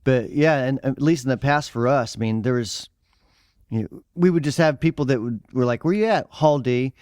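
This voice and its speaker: A man's voice: mid-range voice, moderate pace, darkish tone, no room sound, clean studio sound. A man with a Midwestern accent co-hosting a podcast in casual chat, rambling with fillers and easy laughs. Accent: American Midwest. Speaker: podcast co-host.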